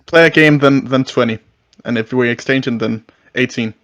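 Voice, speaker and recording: A man's voice: medium pitch, normal speed, a bit bright, no room sound. A man playing a tabletop game, asking about his moves in a casual, direct way. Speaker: player. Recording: dull lo-fi mic.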